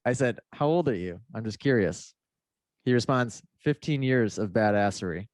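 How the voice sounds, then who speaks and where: A man's voice: fairly low pitch, lively intonation, moderate pace, no room sound, clean studio sound. A man, a mindset coach guesting on a podcast, telling a story casually, laughing and acting out the messages he quotes.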